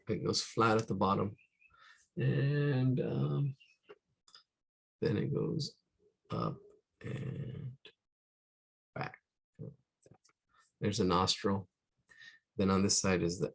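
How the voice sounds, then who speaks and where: A man demonstrating caricature drawing as he sketches, describing each stroke and counting lines aloud. His voice sits low with a gravelly, husky edge. He often trails off into quiet muttering. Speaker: art instructor.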